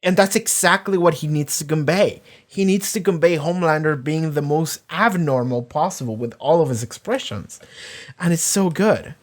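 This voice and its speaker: A man giving casual reaction commentary on a TV episode. He rambles excitedly and swears freely. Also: fairly high pitch, moderate pace. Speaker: TV reaction YouTuber.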